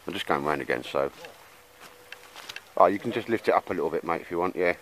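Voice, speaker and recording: A man's voice: deep voice, quick pace, fairly bright tone, slight background noise, poor audio. A man chatting casually in a rambling way with lots of fillers while he shows his camp gear outdoors in the woods. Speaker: bushcraft vlogger.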